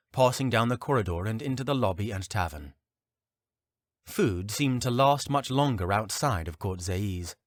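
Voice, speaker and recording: A man narrating a fantasy audiobook in a steady storytelling manner. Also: lowish voice, measured pace, no room sound, studio quality.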